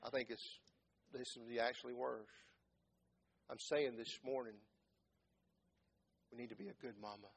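A man preaching a sermon as pastor, swinging from loud impassioned calls down to low quiet words. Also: steady tone, moderate pace, vocal fry, long pauses, slightly rough. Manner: impassioned, rising to shouts and dropping low.

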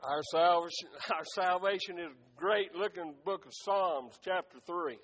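High-voiced fervent male preacher. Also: normal speed, a bit bright. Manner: fervent, punctuated with "amen" and "hey". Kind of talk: sermon. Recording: echoey hall, dull lo-fi sound.

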